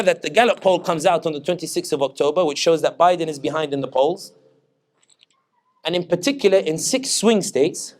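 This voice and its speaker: A man's voice: on the high side, darkish tone. A man from Tunisia with a British accent, a political analyst giving a joking, anecdotal public talk at an Islamic center. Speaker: political analyst, guest speaker.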